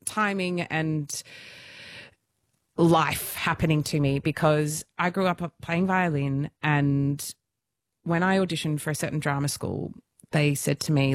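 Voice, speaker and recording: A woman with a very low voice tells stories on a studio mic with bubbly enthusiasm. She is self-deprecating and laughs often. The sound is close and dry. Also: fairly even intonation, a little slow, dry recording. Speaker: musical theatre performer, radio guest. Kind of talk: casual radio interview storytelling.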